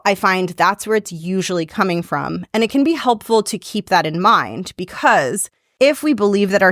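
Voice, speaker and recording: A woman's voice: on the low side, fairly bright tone, no echo. A woman hosts a solo advice podcast, talking listeners through hard workplace moments. Her manner is earnest and reassuring, and she acts out the inner self-talk she suggests. The sound is close and dry. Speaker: podcast host and career coach.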